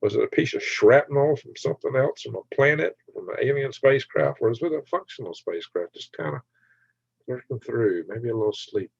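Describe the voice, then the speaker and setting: A man's voice: mid-range voice, lively intonation, a little fast, gravelly, slightly rough, dry recording. A man hosting a late-night livestream, joking, laughing often and reading chat comments aloud. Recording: dry, slightly dull sound.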